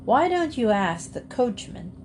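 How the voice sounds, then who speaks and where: A woman's voice: fairly high pitch, very animated, unhurried, a little hiss or hum, pitched above the performer's own voice. A woman voicing a stubborn little country man who argues back, in a storybook reading. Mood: arguing. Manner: argumentative.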